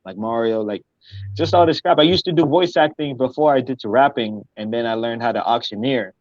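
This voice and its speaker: A young man from Houston, a guest rapper chatting casually, halting and full of fillers. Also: mid-range voice, fairly even intonation, dry recording. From Houston, Texas. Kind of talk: casual interview chat. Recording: dry, slightly muffled audio.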